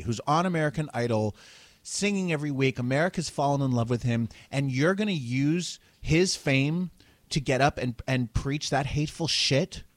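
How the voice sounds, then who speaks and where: A man's voice: mid-range voice, dry recording. A man hosting a podcast in casual chat, outspoken and profane, mocking what he dislikes. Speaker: podcast host.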